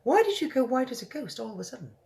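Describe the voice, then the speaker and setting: A woman's voice: high-pitched, very animated, fast talker, gravelly, a little mellow, voice pushed up, full character voice. A woman reading a storybook aloud and voicing a refined, self-controlled elderly queen with a posh, exclamatory manner. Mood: commanding.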